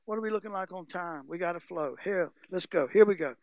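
Male preacher, very high voice, dry close sound, animated delivery, stretched-out scripture reading. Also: brisk, hardly any pauses, dry recording. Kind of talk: sermon.

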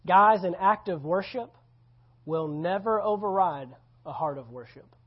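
A man's voice: high-pitched, unhurried, breathy edge. A male pastor preaching a sermon at a church service, conversational and emphatic, repeating key phrases. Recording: slightly dull lo-fi recording.

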